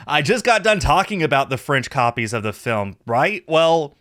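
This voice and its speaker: An American man hosting his own collector video, talking in a casual, rambling way with lively jumps in pitch. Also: measured pace. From United States. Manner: rambling, chatty, animated pitch swings. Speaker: video host.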